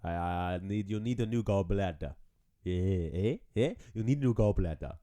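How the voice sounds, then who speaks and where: Comic bit: a man doing a deep, coaxing con-artist doctor who keeps saying "my friend". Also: moderate pace, dark tone, lightly acted. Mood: wheedling. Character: smooth-talking scammer doctor, pushy and overly friendly. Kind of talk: comic impression in a podcast.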